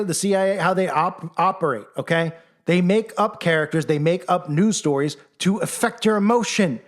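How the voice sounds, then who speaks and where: A man delivering a casual monologue, animated and mocking, acting out imagined quotes and laughing between points. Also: high voice. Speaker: conspiracy commentator.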